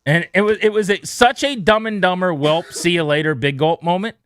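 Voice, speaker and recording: A man hosting a sports radio show, telling a story in a lively, animated way and acting out the quotes in it. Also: sits high, a little fast, no room sound. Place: radio studio. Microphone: studio mic.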